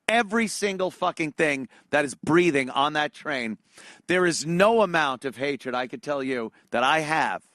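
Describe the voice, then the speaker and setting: A man's voice: on the high side, fairly bright tone, dry recording. A man, hosting a show and telling a comedic, profane, sarcastic rant about how annoyed he is by everyone around him. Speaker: show host.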